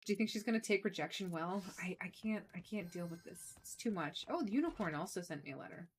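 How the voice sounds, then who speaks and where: A woman's voice: fairly low pitch, lively intonation, fast, a little hiss or hum. Chatty woman joking through gameplay. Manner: chatty and joking, talks to the game characters. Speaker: let's play streamer. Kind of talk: casual gameplay commentary.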